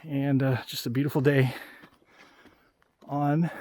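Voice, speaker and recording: A man's voice: mid-range voice, flat delivery, slow pace, darkish tone. A man vlogging outdoors on a hiking trail, chatting and ranting casually as he gives hikers friendly advice. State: out of breath after a hike. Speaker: travel vlogger. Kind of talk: casual vlog talk while hiking.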